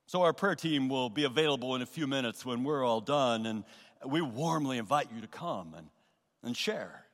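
A man preaching a sermon as pastor, earnest and emphatic, with pauses and repeated phrases. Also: mid-range voice, expressive, big-room sound. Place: church sanctuary.

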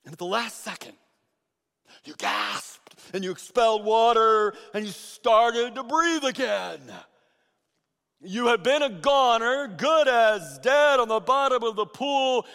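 A man preaching a sermon as pastor, swinging between loud emphatic bursts and hushed asides. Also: high voice, very animated, slow pace. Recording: long reverb of a large hall.

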